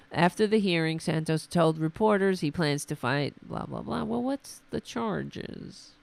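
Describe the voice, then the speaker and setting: A hoarse woman losing her voice, hosting a livestream with sarcastic, exasperated political commentary. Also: fairly low pitch, dry recording. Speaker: livestream host.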